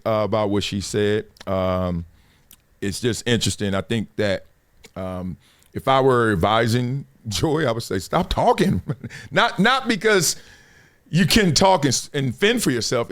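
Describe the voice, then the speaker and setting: A man's voice: mid-range voice, a bit bright. A man hosting a show, giving casual sports commentary in a playful, slangy way. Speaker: show host.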